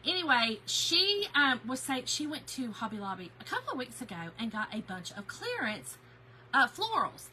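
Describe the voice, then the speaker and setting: A woman hosting a casual craft haul livestream, chatty and excitable, greeting viewers by name. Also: high-pitched, normal speed, slight background noise, rough recording. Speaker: craft channel host.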